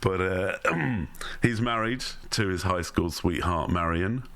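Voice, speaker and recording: A man's voice: deep voice, slow pace, vocal fry, fairly bright tone, no echo. A man co-hosting a comedy podcast, chatting casually with lots of ums, restarts and chuckles. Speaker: podcast co-host.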